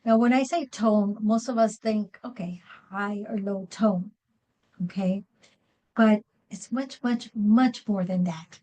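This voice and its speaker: A woman leads a workshop in a meeting room, speaking at an unhurried pace in a mid-range voice. She often restarts her sentences and fills pauses with "um". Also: mid-range voice, mellow, rough recording. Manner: slow, many fillers and restarts. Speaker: workshop presenter. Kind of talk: live seminar talk.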